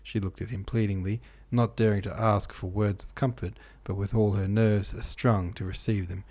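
Low, mellow male audiobook narrator. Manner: steady, measured reading with small slips. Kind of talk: reading a classic novel aloud.

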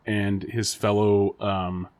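A man with a lowish voice co-hosts a casual podcast chat. He rambles through guesses, stumbles over restarts and laughs often. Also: level tone, slow, a little mellow. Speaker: podcast co-host.

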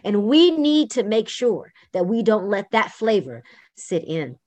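A woman's voice: mid-range voice, sing-song, a little slow, darkish tone. A woman hosting an online discussion who speaks in an encouraging, affirming manner. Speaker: host of an online forum. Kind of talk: hosting a video call discussion.

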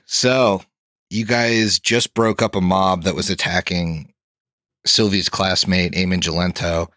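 Low-voiced laid-back man running a game. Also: fairly bright tone, no echo, studio quality. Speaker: game master. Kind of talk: narrating a tabletop game.

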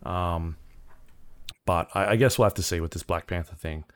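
A lower-pitched man in casual podcast chat about games. He talks loosely with ums and restarts, swears freely and jumps into joking bits. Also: normal speed, clear, resonant tone. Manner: relaxed, swearing, acts out silly skits in a raised voice. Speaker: podcast co-host.

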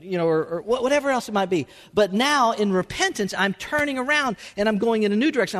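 A man's voice: high-pitched, a bit bright, long reverb tail. A man preaching a sermon as a pastor, emphatic and repeating his words as he drives points home. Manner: emphatic, repeats words, Southern-style y'all.

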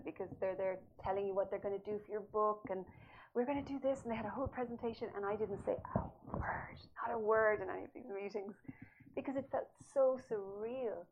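A woman author as an interview guest, telling her story animatedly and laughing often. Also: medium pitch. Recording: slightly dull audio with faint noise.

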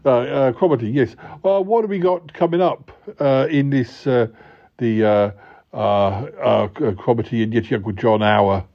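A man's voice: mid-range voice, a little slow, highs cut off, lightly acted. A man playing a fussy, hesitant male podcast co-host who rambles and fills every gap with ums and uhs, in improvised comedy banter. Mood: dithering. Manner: rambling, full of hesitant fillers.

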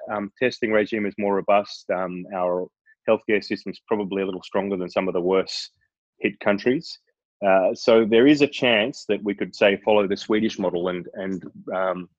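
A man talking casually about sport, pausing and restarting often. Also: on the low side, dry recording, highs cut off. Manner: hesitant, many restarts and ums.

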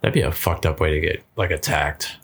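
A man's voice: rumbling low, fairly even intonation, fairly quick, a bit bright, a little hiss or hum. A man co-hosting a podcast, talking casually, crude and profane, cracking jokes. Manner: crude, swearing, jokey. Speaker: podcast co-host. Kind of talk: casual chat.

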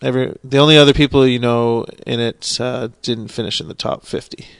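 A man co-hosting a podcast, dropping quick joking interjections into casual banter on a studio mic. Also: medium pitch, steady tone, creaky, smooth, no echo.

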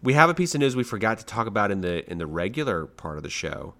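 A man's voice: on the low side, sing-song, fast, sharp tone. A man co-hosting a podcast in casual chat, loose and meandering, with many fillers. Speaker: podcast co-host.

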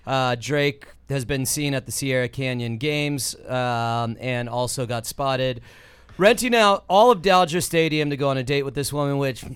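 Easygoing male podcast host, smooth voice. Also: medium pitch, normal speed, a bit bright, dry recording. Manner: easygoing, jokey, leads the segments. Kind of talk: casual chat.

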